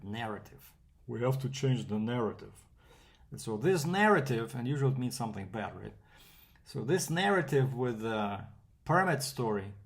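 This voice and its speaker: A man's voice: fairly low pitch, gravelly. A man from Canada, a freight broker, telling a rambling casual story with fillers and quoted back-and-forth.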